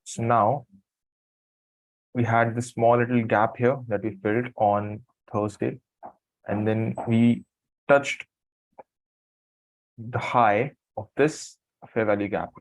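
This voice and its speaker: A man who has just woken from a nap, commenting on a live trading stream in a halting, apologetic way as he thinks aloud. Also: fairly low pitch, steady tone, no echo, rough recording. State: just woke from a nap, morning voice.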